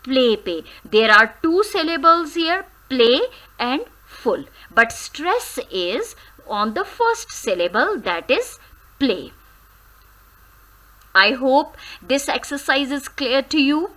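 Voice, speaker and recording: A woman teaches a grammar lesson, sounding words out carefully syllable by syllable. Her voice is bright and a little high, and she speaks at an unhurried, deliberate pace. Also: sing-song, low-quality recording. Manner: slow, careful syllable-by-syllable drilling; switches briefly into Hindi.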